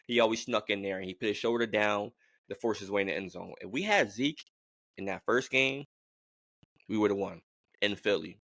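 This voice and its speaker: A man vlogging as a sports fan, giving a rambling, animated game prediction in casual talk. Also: fairly low pitch, no room sound, studio quality. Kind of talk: casual sports opinion monologue.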